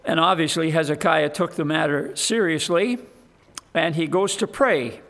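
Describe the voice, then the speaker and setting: A man's voice: a little high, normal speed, gravelly, a bit bright. A man preaching a sermon, earnest and emphatic, building to fervent appeals to his congregation.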